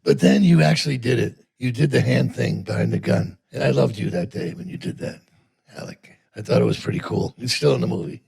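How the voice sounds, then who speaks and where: A man in his sixties, a guest actor in a casual interview, talking haltingly with many restarts and an easy "man". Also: mid-range voice, gravelly, a little mellow. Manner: halting, repeats himself, says "man" often.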